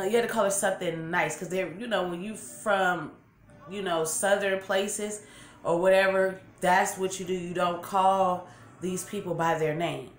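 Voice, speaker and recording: Rambling eating-show vlogger, woman in her 40s, lowish voice, roomy sound. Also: slight background noise. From Los Angeles. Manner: rambling, chatty, self-correcting. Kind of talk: storytelling while eating on camera. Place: room at home, seated in a chair. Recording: roomy room with faint background music.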